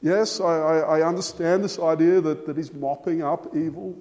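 A man preaching a sermon, emphatic, with his voice rising and falling for stress and measured pauses. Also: fairly high pitch, fairly even intonation, darkish tone. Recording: long hall reverb.

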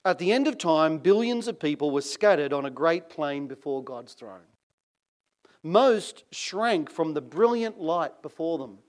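A man preaching a sermon in a slow, deliberate cadence. His voice sits a little higher than most men's, and he leans hard into key phrases with dramatic, swelling emphasis. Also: expressive. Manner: measured, dramatic reading with rising emphasis.

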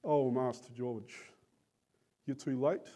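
Man voicing a solemn dying old man, slow, exalted, mellow voice. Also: medium pitch.

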